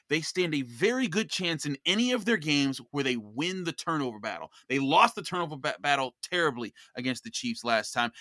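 A young man telling a football story in excited podcast chat, with lots of restarts. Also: on the high side, no room sound. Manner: animated storyteller with many restarts. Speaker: podcast host of a football show, guest.

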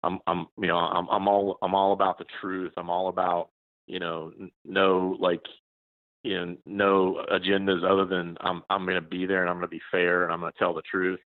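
A man's voice: low voice, level tone, normal speed, no room sound. A man in his forties, a journalist guest, chatting in a rambling way with many restarts and fillers. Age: 40s. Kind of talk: casual interview chat. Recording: tinny phone line, dry.

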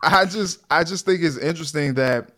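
A man co-hosting a sports talk show, chatting casually and jumping into little acted-out quotes. His voice sits a bit higher than most men's. The talk is animated and quick to react. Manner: animated, acts out quotes of players and fans. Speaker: co-host.

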